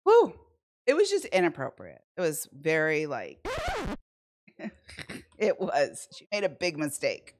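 Animated woman streamer telling a story. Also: sits low, takes it slowly, pauses often. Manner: animated, excitable, laughs often, acts out quotes. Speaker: slot streamer host. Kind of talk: casual storytelling to a live chat. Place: home.

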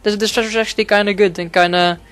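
Smooth-voiced, flat-toned male gaming commentator. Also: sits high, fast talker, faint music behind. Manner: rambling, profane, frequent fillers. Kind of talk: casual gameplay commentary.

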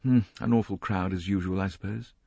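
A man's voice: sits low, steady tone, a little fast, creaky, warm tone, husky, dry recording, full character voice. A man reading aloud and voicing a casual, disparaging young man with an offhand delivery. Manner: offhand, drawling.

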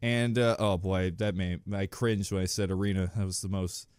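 A man's voice: low voice, fairly even intonation, normal speed, darkish tone, clear, resonant tone, no room sound, studio quality. A man hosting a reaction video in casual commentary, joking crudely and often laughing at his own jokes. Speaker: reaction channel host.

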